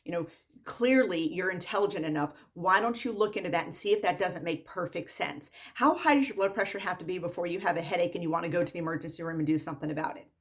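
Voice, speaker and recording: A woman medical worker ranting in a vlog monologue, exasperated, repeating herself and rattling off quick lists. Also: lowish voice. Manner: exasperated, repetitive, rapid-fire lists.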